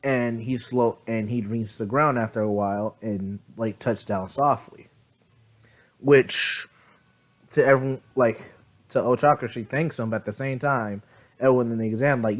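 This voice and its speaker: A man's voice: mid-range voice, moderate pace. A sleepy man casually telling an improvised fan story, rambling with lots of fillers, self-corrections and swearing, recorded on a phone. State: sleepy, yawning.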